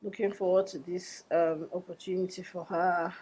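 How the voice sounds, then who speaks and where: A woman's voice: lowish voice, normal speed, husky. Chatty woman telling a story. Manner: animated, exclaiming and laughing, acting out quoted dialogue. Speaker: makeup artist and vlogger. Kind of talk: casual storytelling vlog.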